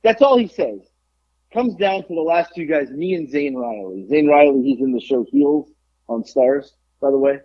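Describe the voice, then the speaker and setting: On a podcast, a guest who wrestles professionally shares a wrestling anecdote with plenty of cursing, animatedly impersonating the people he quotes. His voice is a little high and his pace moderate, and the audio comes across dull and lo-fi.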